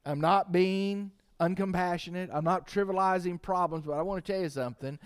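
A man, preaching a sermon and swinging from quiet, low lines to shouted ones. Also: clear, resonant tone. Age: 50s. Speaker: pastor.

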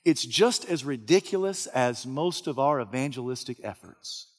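A man preaching a sermon, telling a story in the second person and swinging from hushed tones to shouting. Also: medium pitch, animated, moderate pace, in a large hall. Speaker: pastor.

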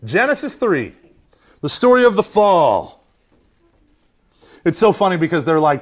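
A man leads an informal Catholic Bible class in a fairly high voice that leaps up and down as he talks. He lectures with jokes and asides and keeps checking in with the room by asking "right?". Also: very animated, moderate pace, pauses often. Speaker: Catholic Bible study teacher. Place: hot meeting room with a live class.

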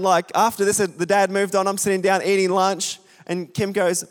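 A man's voice: sits high, normal speed. A young man preaching a sermon, chatty and self-deprecating, often asking the congregation questions. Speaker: pastor. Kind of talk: sermon with a storytelling aside. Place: church hall with a congregation. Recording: long hall reverb.

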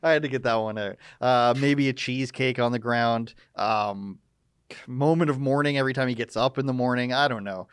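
A man's voice: medium pitch, a little fast, smooth, dry recording, clean studio sound. A man hosting a casual live news show, joking and sarcastic, with rambling asides. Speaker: live stream host.

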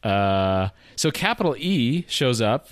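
A man's voice: medium pitch, sing-song, slow pace, no echo. Laid-back male podcast co-host, casual album talk, close dry mic. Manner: laid-back, loose, reads lyrics aloud. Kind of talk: casual chat reviewing an album.

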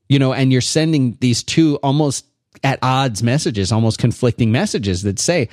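A man's voice: medium pitch, moderate pace, darkish tone, no room sound, clean studio sound. Man telling a rambling parenting story. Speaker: podcast guest, father. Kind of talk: casual chat.

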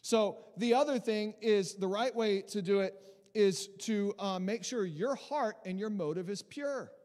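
Casting: male pastor with a high voice, casual and lively sermon delivery, church hall reverb. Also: unhurried. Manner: conversational and animated, with many restarts and mimicking voices.

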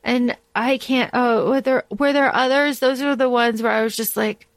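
A woman's voice: on the high side, fairly even intonation, normal speed, noisy background. A woman co-hosting a book podcast in casual chat, blunt and swearing freely, acting out scenes as she retells them. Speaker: podcast co-host.

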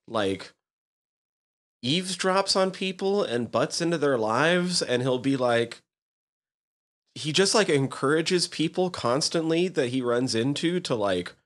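A man's voice: on the high side, lively intonation, a little slow, a bit bright. A man co-hosting a podcast in casual chat, rambling with enthusiasm and many fillers as he recommends a show. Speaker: podcast co-host.

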